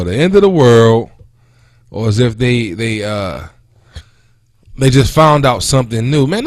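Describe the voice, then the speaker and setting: A man in his thirties talks straight into a close, dry mic as host of a casual talk show. His voice swings up and down as he vents with animated indignation, and his pitch sits in an ordinary middle range. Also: no echo. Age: 30s. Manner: animated and indignant, with pitch jumping when quoting and venting. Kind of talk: casual talk radio monologue.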